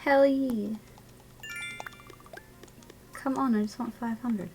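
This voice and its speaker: A woman's voice: a little high, steady tone, slow, creaky, mellow, soft background music. A woman casually chatting and laughing while live-streaming a video game and talking to her chat.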